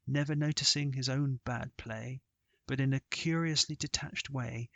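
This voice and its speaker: A man narrating a scripted horror story in a measured, steady way. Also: mid-range voice, dry recording.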